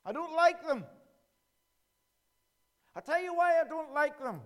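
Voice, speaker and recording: A man preaching a sermon as pastor, earnestly repeating his questions slowly for emphasis. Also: very high voice, lively intonation.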